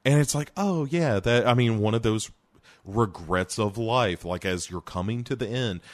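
A man's voice: fairly low pitch, normal speed. A man co-hosting a casual film review chat, giving wry, sarcastic commentary with the odd curse. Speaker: podcast co-host reviewing a film.

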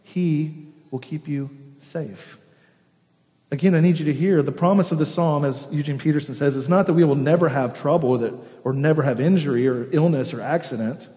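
A man's voice: fairly high pitch, quick pace, hardly any pauses, dark tone. Preacher man in a reverberant church. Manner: storytelling preacher, dropping to near-whispers on key words. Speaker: pastor. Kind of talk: sermon. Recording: long reverb of a church hall.

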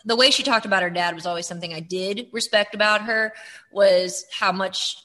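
Bright, animated woman chatting. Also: mid-range voice. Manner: animated, talks in quick bursts with many restarts. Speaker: podcast co-host. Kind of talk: casual chat about reality TV.

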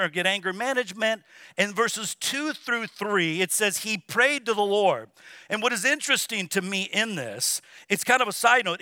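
Male pastor, high bright voice, dry close sound, lively sermon delivery. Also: no room sound. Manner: animated preaching with quoted asides. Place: church.

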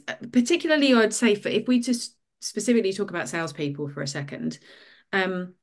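A woman, a guest author, giving career advice in a casual interview, lively and full of ums. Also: on the low side.

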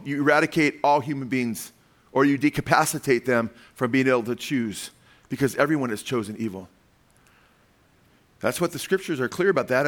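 A man's voice: medium pitch, a bit bright. A man preaching a sermon, emphatic and full of rhetorical questions, telling stories with dramatic flair.

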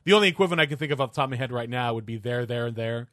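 A man's voice: medium pitch, very fast, a bit bright, no echo, clean studio sound. A man co-hosting a casual podcast chat, explaining at length with frequent restarts and hesitations.

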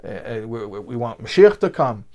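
A man's voice: mid-range voice, big pitch swings, normal speed, darkish tone, natural voice. Brief: man as a pious old-world rabbi, patient and plain-spoken, coaxing a simple listener along. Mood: patient explaining. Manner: patient and explaining.

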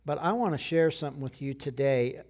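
Speaking a bit quickly in a medium-pitched, slightly mellow voice, this middle-aged pastor delivers his sermon conversationally. He keeps checking in with the congregation, tossing in "okay?" again and again.

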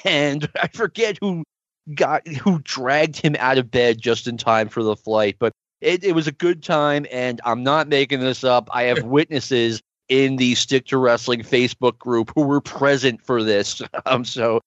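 A man's voice: medium pitch, unhurried, a bit bright, dry recording. A middle-aged man hosting a podcast, telling stories in casual chat and laughing often as he talks. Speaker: podcast host. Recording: dull, dry lo-fi audio.

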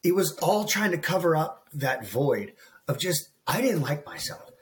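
A man's voice: on the high side, sing-song, unhurried. A man around forty, a guest coach on a podcast, telling a personal story in an earnest, emotional way and calling the host bro. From United States. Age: about 40. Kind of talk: candid podcast interview.

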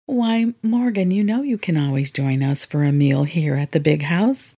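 A woman voicing a gracious, composed young woman who owns a retreat, in a low voice. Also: normal speed, dark tone. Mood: warm.

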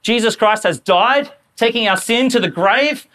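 A man preaching a sermon in a church, talking in a lively, conversational way and acting out quoted voices. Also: very high voice, measured pace.

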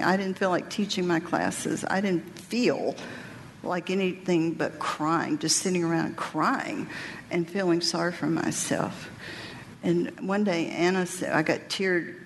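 A woman giving a women's workshop talk, sharing a personal testimony and Bible teaching in an earnest, reflective, halting way. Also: on the low side, creaky. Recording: reverberant hall with faint noise.

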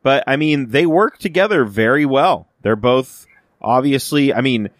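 This is a man's medium-pitched voice with lively intonation, speaking a little slowly. As a podcast co-host, he chats loosely about a TV episode, rambling with many fillers and restarts and acting out the quotes. The sound is studio quality, with no echo.

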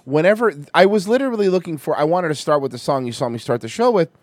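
A man's voice: a little high, expressive, fast talker, no room sound. A man hosting a casual stream, joking and swearing a lot while reacting to music videos. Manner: profane, joking, laughs often. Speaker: stream host. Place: hot-weather area.

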